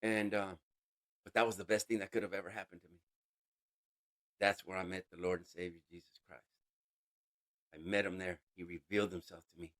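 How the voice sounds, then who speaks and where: A man giving an emotional personal testimony as an interview guest, halting and casual, with street slang. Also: low-pitched, little pitch movement, fairly bright tone. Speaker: interview guest sharing a recovery story.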